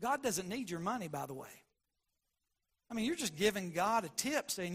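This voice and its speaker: A man preaching a sermon, swinging between loud emphatic lines and quiet murmurs, and acting out Bible dialogue. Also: big pitch swings, normal speed, slightly rough. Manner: preaching with big swings in loudness, from near-shouts to low murmurs; acts out Bible dialogue in quoted voices. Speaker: pastor.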